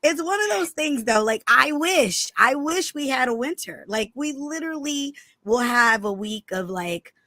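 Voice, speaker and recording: A hoarse woman hosting a chatty podcast, lively and quick to laugh. Her voice sits fairly high and rings bright despite the flu. The sound is close and dry, with no room around it. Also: dry recording. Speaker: podcast host. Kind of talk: casual chat.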